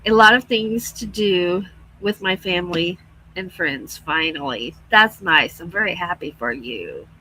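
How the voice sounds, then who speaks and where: This livestream host, a middle-aged woman, chats casually, laughs often, and reads out comments from viewers. She speaks at a fairly low pitch, expressively and without hurry, in a sharp tone. The poor audio carries a slight hiss or hum.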